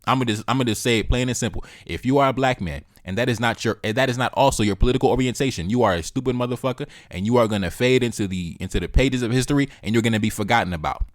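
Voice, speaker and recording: A man's voice: medium pitch, very fast, few pauses, no echo. A man hosting a reaction video, giving heated political commentary in a blunt, profane way and repeating his key points, close to the mic.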